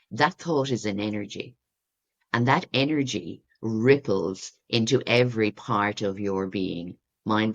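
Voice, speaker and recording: A woman, a therapist guest speaking in a reflective coaching way, acting out inner voices and rising to excited peaks. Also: very deep voice.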